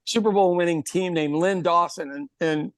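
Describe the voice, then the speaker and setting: A man's voice: high-pitched, moderate pace, no echo, studio quality. A man from Ireland co-hosting a podcast in casual chat, laughing often and repeating words as he starts. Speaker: podcast co-host.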